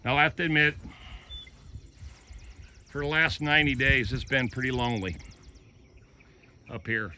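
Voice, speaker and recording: A man's voice: mid-range voice, moderate pace, pauses often, sharp tone, slight background noise. Guy chatting outdoors on a farm, folksy storyteller, faint country sounds behind. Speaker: vlogger. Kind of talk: casual vlog walk-through. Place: rural garden outdoors.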